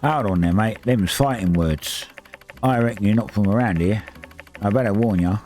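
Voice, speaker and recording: A man's voice: fairly low pitch, expressive, measured pace, a little mellow. A man voicing a brash male talking kangaroo in a put-on Australian accent, full of slang and mock-tough taunts, with music behind. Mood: taunting. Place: home streaming setup.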